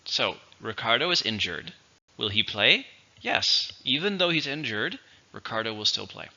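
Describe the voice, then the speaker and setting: A man teaching English vocabulary, explaining words slowly and clearly in a teacherly way. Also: mid-range voice, big pitch swings, sharp tone, lo-fi sound. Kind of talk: vocabulary lesson.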